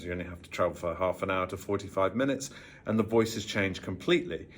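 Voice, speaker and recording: A man in his thirties from Worcestershire, speaking with a trained neutral British accent and a tired edge with slight vocal fry, explaining voice technique in a measured, precise way. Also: on the low side. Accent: trained neutral British English. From Worcestershire, England. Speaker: voice coach. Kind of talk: talking-head vocal lesson.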